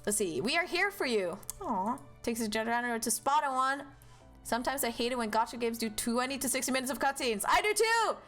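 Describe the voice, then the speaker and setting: A young woman streamer chats with her viewers in an animated, casual way, breaking into loud outbursts and cursing. Her voice sits a little high. Faint game music plays under her talk. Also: fairly quick. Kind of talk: casual live-stream chat.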